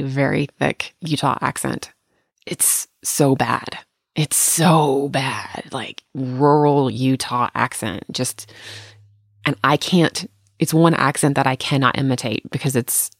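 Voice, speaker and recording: Creaky-voiced woman telling animated stories. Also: very deep voice, moderate pace, no echo, clean studio sound. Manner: animated storyteller, laughs often. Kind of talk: casual chat.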